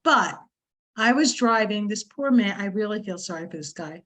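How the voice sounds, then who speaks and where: Deadpan woman spinning an anecdote. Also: mid-range voice, moderate pace. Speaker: co-host. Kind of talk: casual chat.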